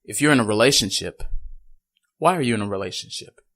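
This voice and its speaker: A man co-hosting a casual podcast, talking in an animated way, laughing often and slipping into goofy impressions. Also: lowish voice, fast talker. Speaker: podcast co-host.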